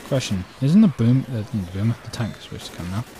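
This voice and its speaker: Lively British man narrating gameplay. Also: lowish voice, fast talker, a little hiss or hum. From Britain. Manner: chatty, jumps between mutters and sudden exclamations. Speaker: let's play gamer. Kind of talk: gameplay commentary.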